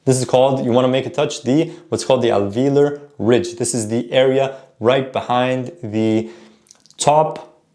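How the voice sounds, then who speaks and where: A man teaching a casual spoken lesson, stopping often to say example words slowly and correct himself. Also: medium pitch, darkish tone. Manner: repeats words slowly to model pronunciation; self-correcting, informal. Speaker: language teacher.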